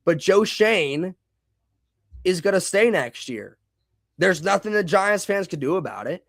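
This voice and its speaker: A man's voice: high-pitched, animated, unhurried, creaky, dry recording, clean studio sound. A young man hosting a casual live football reaction stream, rambling and reading chat comments aloud.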